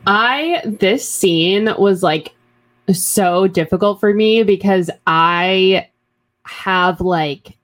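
A woman's voice: mid-range voice, very slow. A woman co-hosting a podcast, chatting casually about a book and her own work experience. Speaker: podcast co-host. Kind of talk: casual book-club chat.

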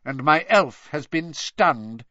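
A man's voice: on the high side, lively intonation, takes it slowly, sharp tone, no room sound, pitched above the performer's own voice, exaggerated voice. A man voicing a rigid senior wizard who speaks in a jerky, clipped way, barely moving his lips. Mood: stiff. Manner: jerky, clipped, tight-lipped. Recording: dull lo-fi recording.

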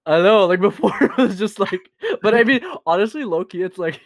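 A young man co-hosting a podcast in slangy casual chat, laughing often and talking in quick bursts. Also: high-pitched, a bit bright, dry recording, studio quality. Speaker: podcast co-host.

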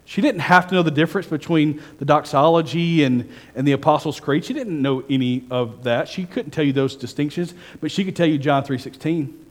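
A man preaching a sermon as senior pastor, telling stories and swinging from hushed asides to fervent, raised delivery. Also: a little high, brisk, in a large hall.

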